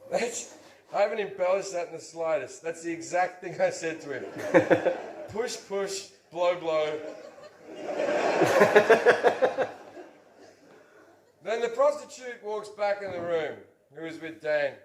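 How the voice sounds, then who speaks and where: A man in his thirties doing crude, swearing stand-up storytelling on stage, bursting into loud stretches. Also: sits high, animated, normal speed, a little hiss or hum. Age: 30s. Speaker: stand-up comedian. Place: comedy stage before an audience. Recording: echoey stage recording.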